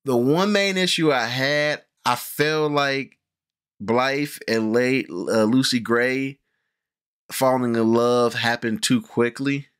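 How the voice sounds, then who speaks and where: A podcast host with a mid-range voice chats casually about a movie he's reviewing, speaking slowly in a clean tone. He rambles, with frequent restarts and fillers, and gets animated when excited.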